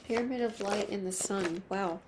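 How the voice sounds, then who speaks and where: A woman reads tarot cards to her viewers in a soft, consoling voice that sounds close to tears. She slows down when she names a card, and faint noise sits under her voice. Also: medium pitch. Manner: soft, emotional, reassuring, slow at card pulls. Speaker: tarot reader. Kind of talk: intimate tarot reading to camera.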